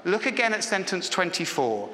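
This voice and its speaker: Preacher in an echoey church. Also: male voice, high-pitched, big pitch swings, normal speed, pushed and bright. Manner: conversational, asks the congregation questions. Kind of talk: sermon. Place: church hall. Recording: echoey hall with long reverb.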